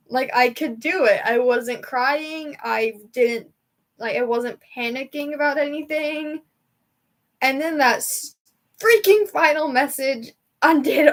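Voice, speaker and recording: A young woman hosting a casual livestream from home, chatting to her viewers in a rambling, emotional way. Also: a little high. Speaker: livestream host. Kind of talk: casual chat with live chat.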